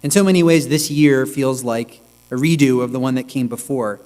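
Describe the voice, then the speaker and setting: A male rabbi giving a reflective, measured sermon, with pauses, in a synagogue sanctuary. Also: mid-range voice, steady tone, a little mellow. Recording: long reverb with mains hum.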